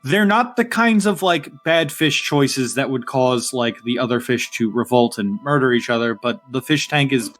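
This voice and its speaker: A man narrating a tabletop game as game master, relaxed and full of fillers. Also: medium pitch, moderate pace, few pauses, faint music behind.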